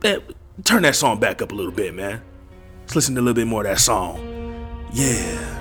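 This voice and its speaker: A man hosting a sports podcast, hyping up the listeners in a slangy, excitable way and tossing "man" and "y'all" into nearly every line. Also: on the low side, normal speed, over music. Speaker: podcast host. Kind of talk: hyped-up solo podcast intro.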